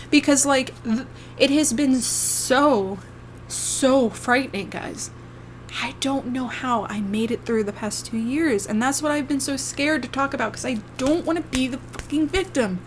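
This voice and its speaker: Young adult woman, ASMR creator, casual storytime vlog: emotional, rambling, cursing, faint room noise. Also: sits high.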